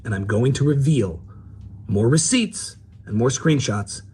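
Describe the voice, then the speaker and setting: A man's voice: medium pitch, expressive, unhurried, a little mellow, slightly rough. A man playing a paranoid woman commentator in a parody sketch, talking mock-serious and theatrical with swooping emphasis.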